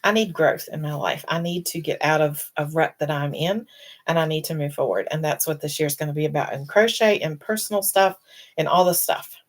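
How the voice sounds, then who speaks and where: A woman's voice: low-pitched, a little fast. A middle-aged woman hosting a casual live stream, talking in a rambling, emotional way and fighting back tears. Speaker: host.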